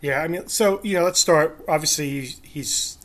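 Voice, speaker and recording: A man's voice: on the high side, normal speed, fairly bright tone. A man hosting a podcast, casually asking his co-host questions. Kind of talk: casual chat.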